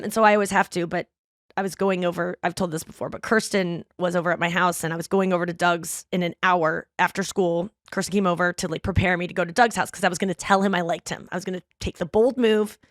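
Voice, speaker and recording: Animated, foul-mouthed woman podcast host. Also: fairly low pitch, dry recording, studio quality. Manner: animated, profane, acts out quoted lines. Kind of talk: casual storytelling chat.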